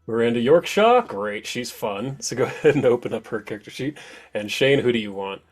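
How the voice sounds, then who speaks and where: A man's voice: medium pitch, expressive, brisk, soft background music. A man as game master of an online tabletop game, chatty and upbeat, often laughing.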